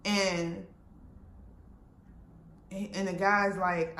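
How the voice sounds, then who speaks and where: In this personal storytime, a woman speaks at normal speed with fairly low pitch, fairly even intonation and a slightly bright tone. The vlogger recounts something frustrating that happened to her, leaning on fillers and quoted lines, in a roomy space with faint noise behind her.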